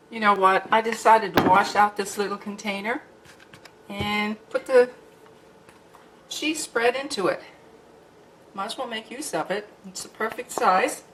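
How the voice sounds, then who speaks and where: A woman's voice: mid-range voice, a little hiss or hum, rough recording. A woman chatting casually in her home kitchen as she mixes and tastes her baking for a cooking vlog. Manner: relaxed, chatty, talks while tasting food. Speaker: vlogger.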